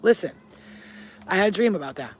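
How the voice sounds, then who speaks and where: A woman's voice: medium pitch, expressive, fairly quick, breathy edge. A woman vlogger telling stories to camera in a blunt, profane way, breaking off to talk baby talk to her pets. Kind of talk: casual storytelling to camera.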